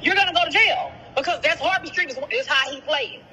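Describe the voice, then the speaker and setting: High, bright-voiced woman caller. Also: brisk, a little hiss or hum, low-quality recording. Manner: blunt, profane, animated storytelling with quoted dialogue. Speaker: caller, sister of the rapper discussed. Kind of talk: phone-in interview, heated storytelling.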